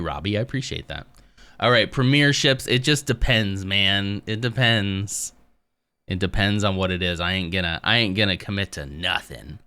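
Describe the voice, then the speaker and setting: A man streaming live from his home office, chatting casually and rambling a little as he talks to his viewers. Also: sits low. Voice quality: smooth voice. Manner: rambling, relaxed, talks to chat.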